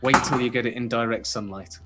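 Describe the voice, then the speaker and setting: A man's voice: medium pitch, fairly even intonation, fast, background noise. A British man co-hosting a casual podcast chat, rambling with many restarts. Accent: British English. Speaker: podcast co-host.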